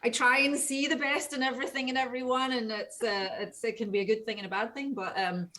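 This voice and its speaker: A woman's voice: on the high side, level tone, a little fast. A chatty woman from the United States talks about her game role. She rambles freely and keeps a casual, talkative flow. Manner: chatty, rambling, slips into quoted voices. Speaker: game voice actor. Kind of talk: casual video chat.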